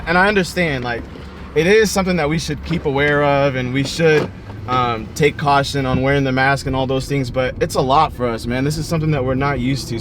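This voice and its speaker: A man's voice: medium pitch, a little hiss or hum. A young man vlogging about fishing in a laid-back, casual way, dropping "man" and "bro" often. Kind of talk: casual vlog chat.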